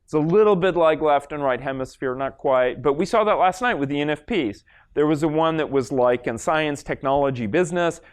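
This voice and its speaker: A man's voice: a little high, fairly quick, hardly any pauses, smooth. A man from Los Angeles giving a live stage presentation as a lecturer, casual and rambling, full of fillers and restarts. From Los Angeles, USA. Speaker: lecturer demonstrating a brain scan. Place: stage in front of an audience.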